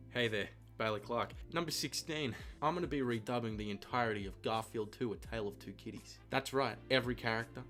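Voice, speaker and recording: A man's voice: mid-range voice, a bit bright. A young man in his twenties presenting a comic vlog, full of self-deprecating jokes and crude asides. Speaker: vlogger.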